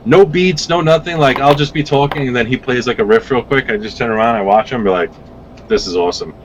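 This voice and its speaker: A man of ordinary pitch talking casually as a podcast guest. He rambles, acts out what people said, and swears freely. A faint hiss sits under his voice. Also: fast, poor audio. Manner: rambling, animated storytelling with swearing. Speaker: guest vape reviewer.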